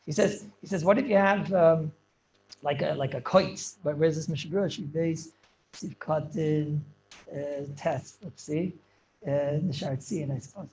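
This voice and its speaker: Rabbi lecturing students, high voice, rapid and stop-start, English laced with Hebrew and Yiddish terms. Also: male voice, darkish tone, poor audio. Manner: quick, halting delivery with many restarts. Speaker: rabbi teaching a class.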